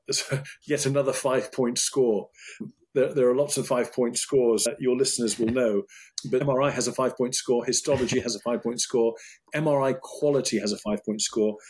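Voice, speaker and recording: A middle-aged British man, a urologist, talking things over in an interview, thoughtful and halting, with many restarts. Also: mid-range voice, fairly even intonation, a little mellow, husky. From United Kingdom. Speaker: urologist guest. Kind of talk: interview conversation.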